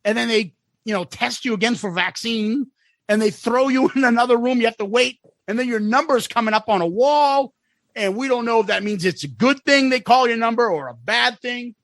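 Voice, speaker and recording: A man co-hosting a podcast, telling travel stories in a casual, profane, animated way. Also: very high voice, fairly quick, dry recording. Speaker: podcast co-host. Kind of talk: casual chat.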